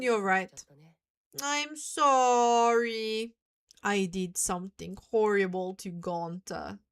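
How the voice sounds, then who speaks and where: A woman voicing a smug, sly teenage boy liar from a video game, reading his lines in a drawn-out, mock-apologetic way. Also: fairly high pitch, fairly bright tone. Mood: mock contrite.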